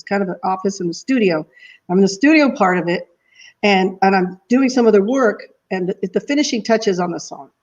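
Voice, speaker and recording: A woman speaks as an interview guest, her voice sitting at an ordinary middle pitch. She tells a heartfelt story in casual conversation and breaks into small laughs along the way. The audio is muffled and lo-fi. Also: darkish tone. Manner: emotional storytelling, frequent laughs. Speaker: guest musician.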